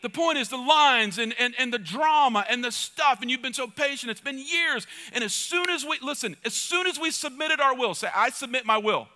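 A man's voice: very high voice, normal speed, few pauses, sharp tone. A male pastor preaching a sermon with energy, joking asides and calls to the congregation. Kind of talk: church sermon.

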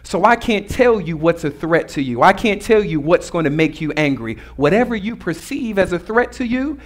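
High-voiced pastor preaching conversationally. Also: male voice, expressive, moderate pace. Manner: conversational, humorous preaching with congregation call-and-response. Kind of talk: sermon.

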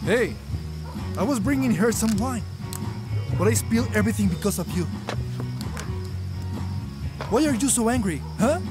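A brash, boastful rival, needling and pushy in a dubbed film drama. His voice sits very high for a man, and music plays behind him. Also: animated, moderate pace, long pauses. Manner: pushy and teasing. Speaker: village neighbor courting a woman.

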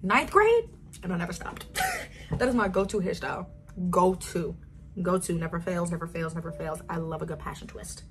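A woman's voice: on the low side, animated, moderate pace. An eighteen-year-old woman chatting casually in a get-to-know-me vlog, bubbly and wandering off on tangents. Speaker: vlogger.

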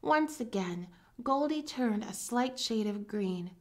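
A woman reading a children's story aloud in a gentle, storytelling manner. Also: medium pitch, unhurried.

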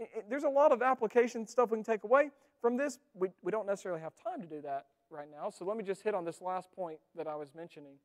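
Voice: medium pitch, darkish tone. A preacher delivering a sermon in an earnest, conversational way, asking the congregation rhetorical questions. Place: church sanctuary. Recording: long reverb of a church hall.

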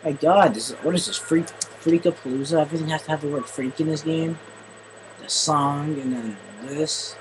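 A man doing excitable gameplay commentary, often yelling and swearing at the game. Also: fairly high pitch, moderate pace, background noise. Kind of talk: let's play commentary.

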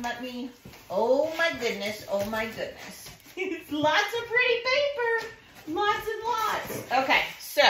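A woman's voice: fairly high pitch, fairly bright tone, slight background noise. A woman vlogger unboxing scrapbooking supplies at her craft desk, gushing and emotional, laughing often in casual chat.

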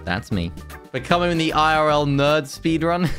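Young man, casual reaction vlog, jokey, animated delivery, faint background music. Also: fairly high pitch, a little slow. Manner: jokey, reads comments aloud in mock voices. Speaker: YouTuber reacting to comments.

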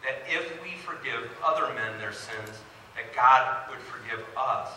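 A man preaching a sermon as pastor, telling stories with rising, animated emphasis. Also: mid-range voice, a little slow, distant mic, a little hiss or hum. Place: church sanctuary. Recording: very echoey hall, mic from afar.

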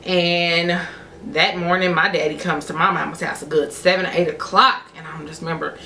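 A woman's voice: on the low side, steady tone, normal speed, sharp tone, roomy sound, a little hiss or hum. A woman vlogger telling a personal story to her viewers in a candid, chatty way. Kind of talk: storytime vlog.

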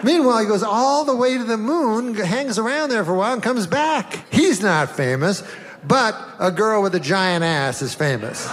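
Drawling deadpan middle-aged man. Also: high-pitched, moderate pace, long reverb tail. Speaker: comedian. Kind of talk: deadpan stand-up and talk-show storytelling.

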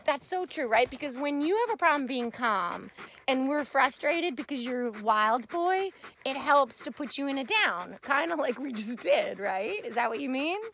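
A woman talking to her dog in a casual vlog, animated and quick to giggle. Her voice is bright and rather high, swinging widely in pitch. A gravelly fry creeps into her lower notes. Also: slight background noise. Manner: animated and giggly, fond baby talk to the dog. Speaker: pet psychic.

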